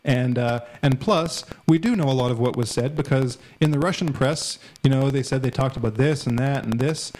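A man's voice: medium pitch, moderate pace, hardly any pauses, a little mellow, rough recording. A man in casual political chat, heated and scornful, rambling with many restarts. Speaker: podcast co-host.

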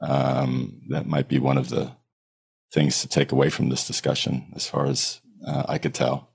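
A man hosting a casual group podcast discussion, wrapping up the talk in an unhurried way. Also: a bass voice, monotone, creaky, slightly rough. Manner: unhurried, wraps up the show. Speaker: podcast host.

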